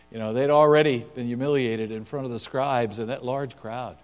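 A man's voice: medium pitch, steady tone, moderate pace. Preacher man in an echoing hall. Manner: preaching with swings from soft to loud. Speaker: pastor. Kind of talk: sermon. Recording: long hall reverb with mains hum.

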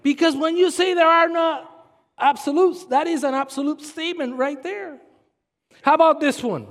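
A man preaching a sermon as pastor, animated, with sudden shouts and mocking put-on voices. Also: very high voice, moderate pace, long reverb tail.

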